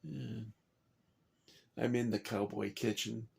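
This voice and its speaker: Slow and steady, this lowish voice is gravelly and slightly rough. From his kitchen at home, the man goes on in a rambling vlog about toy soldiers he collects, shaken after getting angry, letting swear words slip and then apologizing.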